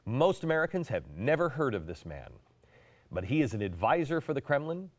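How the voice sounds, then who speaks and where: A middle-aged man delivers a televised political monologue in a highly animated voice that climbs and plunges. He swings between hushed, slow warnings and forceful emphasis, and the sound is close and dry with no room around it. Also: no echo. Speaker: host.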